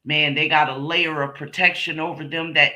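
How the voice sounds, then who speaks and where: A woman's voice: deep voice, steady tone, moderate pace, pushed and bright. A middle-aged woman hosting a stream, telling a personal story to her viewers in a blunt, profane, emphatic way. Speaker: streamer host. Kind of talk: casual monologue to viewers.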